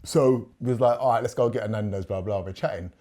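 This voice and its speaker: A man tells stories as a podcast guest. His tone is mellow and relaxed, and he stays animated throughout, often repeating words and acting out the lines of the people in his stories. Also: lowish voice, quick pace. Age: 50s. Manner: animated, repeats words, quotes others at length. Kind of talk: casual storytelling.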